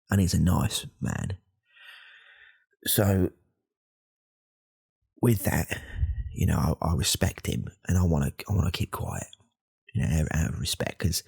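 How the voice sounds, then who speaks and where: A man's voice: a little mellow, heavily acted. A man, voicing a self-important, insecure male podcaster in a whispered role-play who rambles and corrects himself. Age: 30s. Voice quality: gravelly, husky low voice. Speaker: podcast host.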